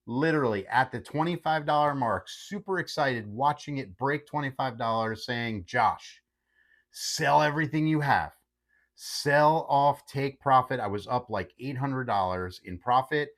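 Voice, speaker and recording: A man hosting his own channel, talking casually and animatedly about a stock's day, tagging many remarks with "okay". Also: mid-range voice. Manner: animated, repeats okay often. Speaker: host. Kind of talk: casual market commentary.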